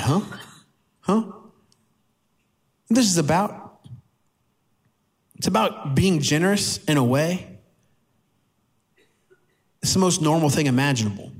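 Animated male preacher, fairly high voice. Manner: animated, emphatic preaching with varied pace. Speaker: pastor. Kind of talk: sermon. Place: church hall with audience.

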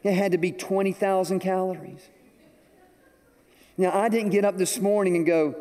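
An older man preaching a sermon, telling a story with animated delivery to a congregation. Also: high voice, normal speed, pauses often. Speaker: pastor. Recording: echoey hall with long reverb.

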